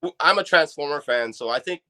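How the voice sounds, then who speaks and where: A man's voice: a little high, expressive, brisk, sharp tone. A man from Canada, a guest chatting on a podcast about his toy collection in a loose, enthusiastic way. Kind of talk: casual podcast chat.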